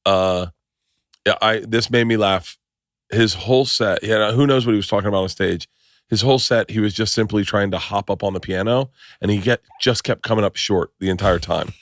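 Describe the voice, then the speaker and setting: Middle-aged male podcast host, low-ish voice, excitable storyteller, dry close mic. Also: moderate pace, no echo. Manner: excitable storyteller acting out quotes. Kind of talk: casual chat.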